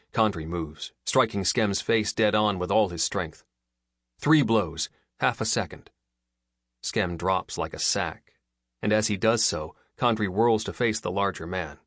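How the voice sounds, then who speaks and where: A man reads a dark story aloud in a measured, even way. His voice is very low, and the recording is dry and close with no room sound. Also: no room sound. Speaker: audiobook narrator. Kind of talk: scripted narration.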